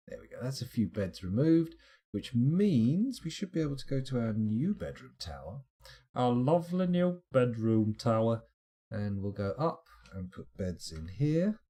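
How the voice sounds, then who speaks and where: A man's voice: fairly low pitch, mellow, breathy edge. A man streaming a game live, thinking aloud in a chatty, self-mocking way. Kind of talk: live gameplay commentary.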